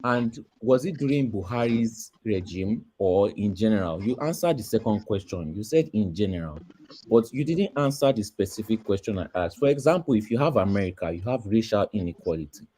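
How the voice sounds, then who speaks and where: A man's voice: on the low side, dark tone, husky. A man asking a pointed question in an online discussion and pressing for specifics.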